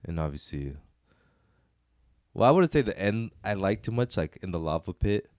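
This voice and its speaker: A man's voice: low voice, lively intonation, moderate pace, darkish tone, no room sound, studio quality. A man co-hosting a casual movie review chat, laughing often and restarting his sentences. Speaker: podcast co-host.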